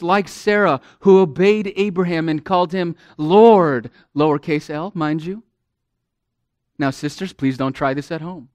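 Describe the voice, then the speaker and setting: A man preaching a sermon to women, earnest and emphatic, who speaks to them directly and swings from loud emphasis to a near-murmur. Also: high-pitched, no echo, studio quality.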